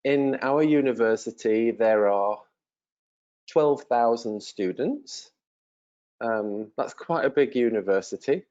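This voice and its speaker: Slow, friendly English teacher in his fifties. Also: mid-range voice, warm tone, lo-fi sound. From England. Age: 50s. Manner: slow and clear, with many pauses and fillers; friendly and encouraging. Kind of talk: slow, simple self-introduction to language learners.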